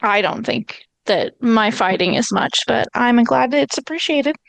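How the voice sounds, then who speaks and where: A woman voicing a bashful female adventurer in a tabletop game, stammering through slow, hesitant lines. Her voice has a gravelly fry to it. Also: fairly high pitch, animated, rough recording. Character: shy, modest female adventurer.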